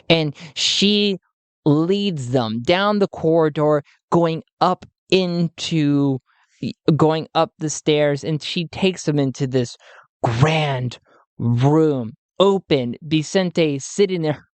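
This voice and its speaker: A narrator running a solo tabletop game, talking slowly and thinking aloud with frequent chuckles. Dry, close sound with no room echo. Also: mid-range voice.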